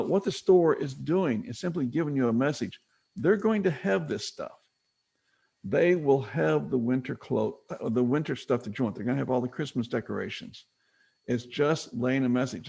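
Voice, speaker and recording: A middle-aged man presenting a business training webinar, teaching in a conversational way and retelling stories with quick acted quotes. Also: mid-range voice, creaky, a little mellow, husky.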